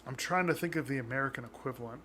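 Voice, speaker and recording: A man's voice: medium pitch, very fast, bright, forceful tone, slight background noise. A man co-hosting a podcast, chatting casually and rambling, with some swearing. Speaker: podcast co-host. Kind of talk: casual chat.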